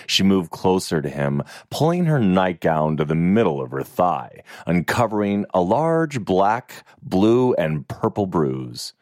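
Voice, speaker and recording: A man narrating a fantasy novel in an expressive, even storytelling manner. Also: deep voice, a little slow, hardly any pauses, no echo, studio quality. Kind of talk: audiobook narration.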